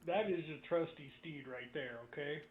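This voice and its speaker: Higher-voiced joking man at a game table. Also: moderate pace, narrow, tinny audio, a little hiss or hum. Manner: playful, joking. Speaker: player. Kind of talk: casual game chat.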